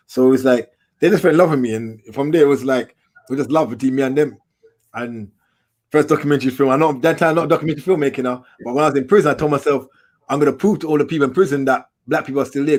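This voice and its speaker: Guy, middle-aged, rattles off stories fast in street slang, voice not high not low. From England. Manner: street slang, animated storyteller. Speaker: documentary filmmaker, guest. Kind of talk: casual storytelling interview.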